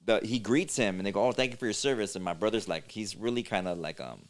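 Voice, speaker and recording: Low, smooth-voiced LA man. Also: animated, fast talker. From East Los Angeles. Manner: rambling, many fillers and restarts, slang. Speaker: podcast host. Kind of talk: casual storytelling chat.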